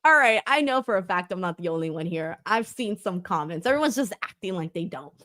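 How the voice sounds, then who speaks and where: A woman's voice: on the low side, animated, brisk, fairly bright tone. A young woman co-hosting a wrestling review livestream, laughing often and joking about herself as she reads viewer comments aloud. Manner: laughs often, jokey and self-deprecating. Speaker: co-host of a wrestling review show. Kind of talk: casual livestream chat, reading viewer comments.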